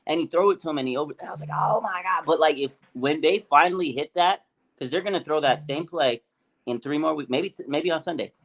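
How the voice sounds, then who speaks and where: A man co-hosting a sports talk show, chatting excitedly and acting out quotes with big swings in his voice. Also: a little high, a little fast. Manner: animated, hyped, acts out quotes. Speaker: podcast co-host. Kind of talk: excited casual sports chat.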